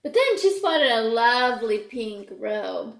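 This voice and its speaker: A high-voiced woman reads a picture book aloud at a slow, careful pace, expressive and pausing to ask her young listeners questions. Her voice bounces around an echoey room. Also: gravelly. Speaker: reader to children.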